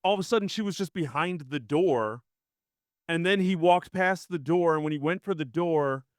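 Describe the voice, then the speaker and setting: A man's voice: fairly high pitch, moderate pace, no room sound, clean studio sound. A man co-hosting a casual film review podcast, retelling scenes with animation and quoting his own reactions. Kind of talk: casual chat.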